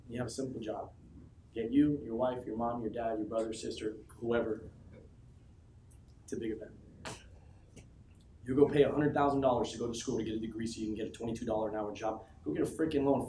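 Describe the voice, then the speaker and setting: A man's voice: mid-range voice, warm tone, a little hiss or hum. Emphatic man giving a motivational speech. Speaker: motivational speaker addressing his team. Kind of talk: motivational speech to a live audience. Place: large office room with an audience. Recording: echoey room from a distance with faint ambience.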